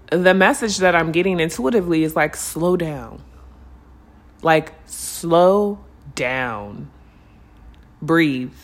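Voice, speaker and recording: A woman hosting a spiritual podcast, talking casually and earnestly to her listeners, calling them y'all and unicorns. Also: fairly low pitch. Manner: earnest and lively, stretching words when urging listeners to slow down. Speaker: podcast host. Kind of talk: reflective spiritual podcast monologue.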